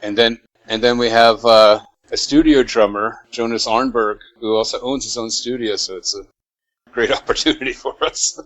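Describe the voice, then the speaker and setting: A man with an American accent talks through an interview at an easy, rambling pace, dropping fillers and laughing now and then. His voice sits at a middle pitch for a man. The recording is dry and close, with no room around it. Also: steady tone, moderate pace, a bit bright, no echo, rough recording. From United States. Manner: laid-back, laughs often, many fillers. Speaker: musician guest. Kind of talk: casual interview chat.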